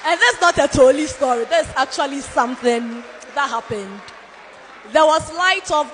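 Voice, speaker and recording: A woman with a Ghanaian English accent, a newscaster telling an animated, dramatic story about her career. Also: sits high, a little hiss or hum. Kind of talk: motivational storytelling talk. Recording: long hall reverb.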